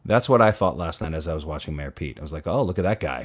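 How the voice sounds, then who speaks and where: A man co-hosting a casual political talk show, animated and quick to act out the people he quotes, with frequent restarts. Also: very deep voice. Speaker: podcast co-host.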